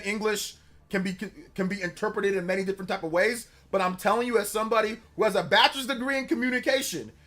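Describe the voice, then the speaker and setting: With a high-sitting, bright, forceful voice, a young livestream host argues back at chat comments over background music. He keeps defending himself and repeating the same point in casual talk.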